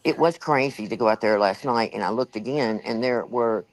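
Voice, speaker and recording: An older woman hosting a livestream chats through a rambling story for her live viewers, full of fillers and a bit breathless. Her voice rumbles low at a moderate pace, and the recording quality is poor.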